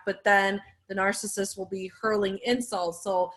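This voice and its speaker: A woman hosting a podcast who speaks in a measured way, pausing with fillers as she frames her points. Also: mid-range voice, level tone. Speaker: podcast host and support group leader. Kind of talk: conversational interview talk.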